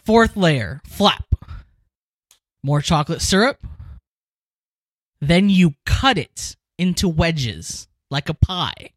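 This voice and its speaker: Lively, emphatic man in casual chat. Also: a little high, slow, long pauses, no echo. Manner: animated, emphatic storytelling. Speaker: podcast host.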